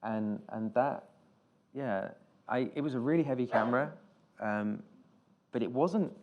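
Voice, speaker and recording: A man's voice: mid-range voice, unhurried, muffled recording, a little hiss or hum. A British man, a film director, telling anecdotes on stage in a rambling way, with restarts and casual swearing. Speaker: film director, interview guest. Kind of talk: live on-stage conversation.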